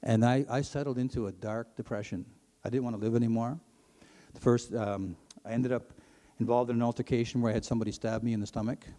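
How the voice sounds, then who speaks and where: A middle-aged man shares his faith testimony in a mellow, darker voice. He tells it earnestly, rising in pitch as the story grows intense. The sound carries a long reverb, as in a large hall. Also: quick pace. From Ontario, Canada. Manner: earnest storytelling, voice climbing when he grows excited. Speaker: speaker sharing his testimony. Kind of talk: personal faith testimony to an audience.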